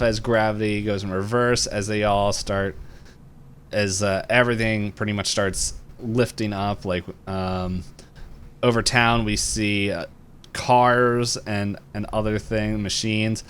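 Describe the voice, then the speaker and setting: Smooth low-voiced man, rambling recap. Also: fairly even intonation, a bit bright. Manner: rambling retelling with many fillers and quick character quotes. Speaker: podcast co-host recapping a cartoon episode. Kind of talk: casual chat.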